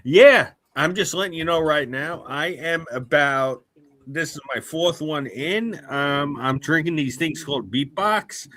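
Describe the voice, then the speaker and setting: Bright voiced guy in his 40s, a bit drunk, cussing while he tells a story. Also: on the high side, unhurried. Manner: swearing streetwise storyteller, tipsy from drinks. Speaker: guest on a live stream. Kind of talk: casual chat.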